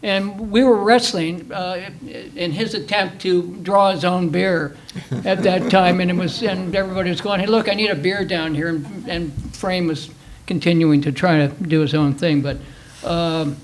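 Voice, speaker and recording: A man's voice: sits high, fairly even intonation, measured pace, rough recording. An older man on a panel, rambling through memories of concerts with many fillers. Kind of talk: casual storytelling on a panel. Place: museum talk before a small audience.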